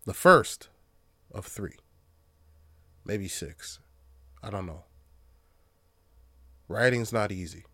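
Hosting a podcast alone, this man rants in a casual, profane, rambling way that often turns heated. His lowish voice is bright and forceful, slow, with frequent pauses. The recording is studio quality with no room sound.

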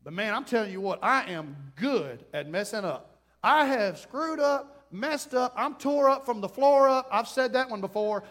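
High-voiced preacher acting out scenes. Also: male voice, normal speed. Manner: animated, acts out voices and scenes. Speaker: pastor. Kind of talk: sermon.

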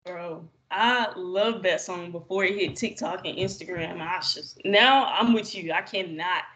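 A young adult podcast guest chatting casually, telling stories in a relaxed way with many fillers. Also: medium pitch, measured pace. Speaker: podcast guest, jiu-jitsu practitioner.

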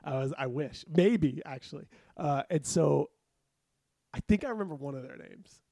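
A young man telling a story in casual chat, animated and laughing often as he acts out quotes. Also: on the high side, normal speed, gravelly, no echo, clean studio sound. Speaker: podcast co-host.

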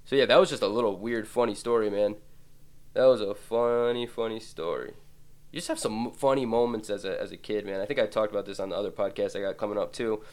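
A man's voice: lowish voice, quick pace, a little mellow. A man in his twenties hosting a podcast, telling rambling, profane comic stories and laughing along the way. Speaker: podcast host.

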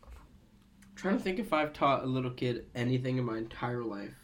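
A man's voice: medium pitch, expressive, normal speed. A young man in casual podcast chat, telling rambling, sweary stories and laughing often, recorded on a computer microphone. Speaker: podcast co-host.

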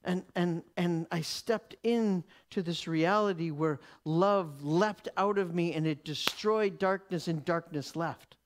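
A man preaching, telling a story in an animated way, laughing often and repeating words as he goes. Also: high voice, slow pace, few pauses. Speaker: preacher teaching. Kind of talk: sermon storytelling.

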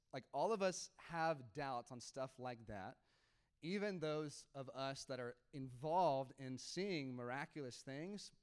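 A young adult man, a pastor, telling a story in a sermon in a casual, animated way with laughs and quoted dialogue. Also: fairly high pitch, clear, resonant tone.

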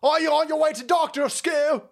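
A man voicing a mocking street tough with an attempted Irish accent, loud and high. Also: steady tone, moderate pace. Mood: taunting.

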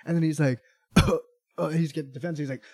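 Male podcast co-host, high voice, casual storytelling, acts out the people in his stories. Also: a little fast. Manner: animated storyteller, acts out quotes.

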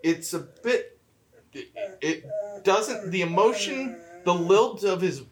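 A man's voice: high voice, takes it slowly. A man co-hosting a podcast, talking casually about a film in a loose, rambling way with lots of "like" fillers. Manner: relaxed, rambling, many "like" fillers. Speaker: podcast co-host. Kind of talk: casual chat.

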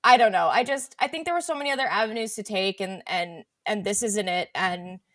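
A woman's voice: medium pitch, fairly quick, fairly bright tone, no echo, clean studio sound. A woman co-hosting a podcast, rambling and full of "like" as she trails off mid-thought. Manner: rambling, heavy use of "like", trails off. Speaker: podcast co-host. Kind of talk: casual chat.

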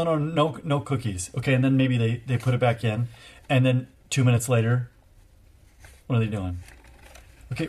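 A man in his thirties talks through parenting advice in a casual co-hosted chat. His delivery is earnest and thoughtful, often pausing and restarting his sentences as he works toward his point. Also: medium pitch, a little mellow. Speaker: co-host, parent.

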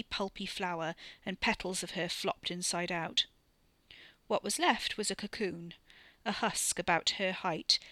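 Bright, dry-voiced woman narrating a book. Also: medium pitch, dry recording. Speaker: audiobook narrator. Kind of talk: scripted narration.

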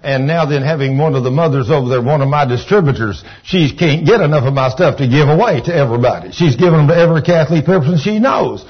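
A man's voice: fairly high pitch, lively intonation, fast talker, hardly any pauses, husky. A Texan man preaching a sermon, folksy, rambling and enthusiastic. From Texas. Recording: dull lo-fi recording.

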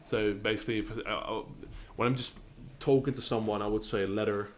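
A young man hosts a solo podcast, speaking a little fast in a lowish, steady voice. His English is non-native with a British lean, and he rambles with lots of restarts and fillers.

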